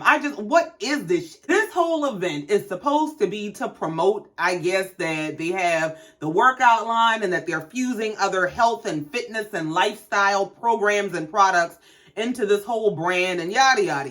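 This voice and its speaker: A woman's voice: medium pitch, expressive, moderate pace, a bit bright. A woman giving a blunt, sarcastic, profanity-filled casual recap of a reality show episode.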